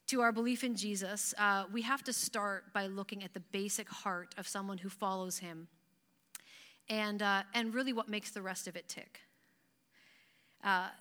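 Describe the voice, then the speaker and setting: A woman from Canada delivers a church sermon with a bright, clear tone and a fairly high voice. She talks in a chatty, animated way and laughs easily as she speaks. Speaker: pastor.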